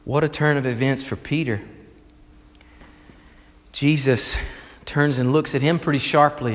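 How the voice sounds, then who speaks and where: A male pastor preaching a sermon, retelling a story with animated, emphatic delivery. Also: mid-range voice, measured pace, long pauses, long reverb tail.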